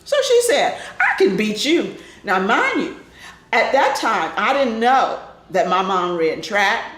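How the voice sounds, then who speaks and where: An older woman animatedly telling a family story in an interview, laughing often and acting out the voices of people in it. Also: measured pace. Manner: lively, laughing, acts out voices in high shouts. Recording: echoey room with faint noise.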